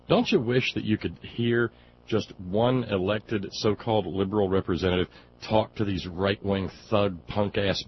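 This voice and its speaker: Sarcastic low-voiced radio host, lo-fi. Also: male voice. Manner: sarcastic, combative, many fillers and restarts. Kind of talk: political talk radio monologue. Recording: dull lo-fi radio audio with faint noise.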